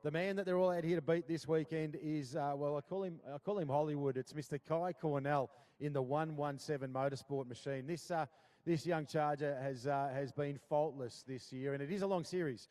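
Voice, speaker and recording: An Australian man calling live powerboat racing, upbeat and chatty, full of shout-outs and "mate". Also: a little high, fairly quick. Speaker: powerboat race commentator. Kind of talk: live sports commentary.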